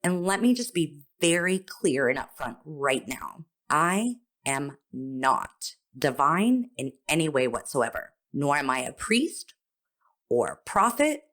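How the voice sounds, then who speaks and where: A woman podcaster telling a personal testimony in an expressive, self-deprecating way, acting out her own thoughts. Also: deep voice, slow. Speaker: author and podcaster.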